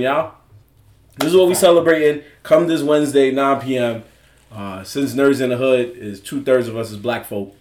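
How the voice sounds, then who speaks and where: A man's voice: mid-range voice, normal speed, roomy sound. A man co-hosting a podcast in casual chat, telling stories with lots of laughter and acted-out bits. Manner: animated storyteller, acts out scenes, laughs often. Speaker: podcast co-host.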